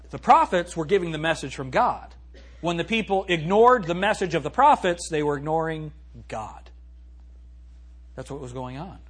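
A male pastor preaching in a church sanctuary, swinging from loud calls to hushed asides. His voice is husky and sits high for a man. When he reads scripture he slows to a weighty, emphatic cadence. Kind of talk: sermon.

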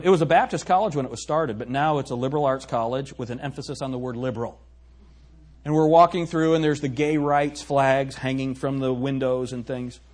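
A man preaching a sermon as pastor, swinging between soft reflection and loud, emphatic exhortation. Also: a little high.

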